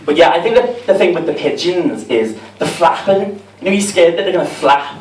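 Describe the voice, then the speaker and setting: Camp Liverpool comic on a club stage, animated delivery, heard from a distance in a roomy, noisy room. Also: male voice, a little high, a little fast. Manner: camp, chatty, self-mocking. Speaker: stand-up comedian. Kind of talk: stand-up set. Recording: roomy, distant, with crowd noise.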